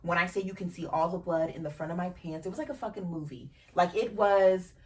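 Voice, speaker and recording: Frank, low-voiced woman podcast host. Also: fairly quick. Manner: frank, emotional, swears casually. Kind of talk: candid personal storytelling. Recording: distant from the mic.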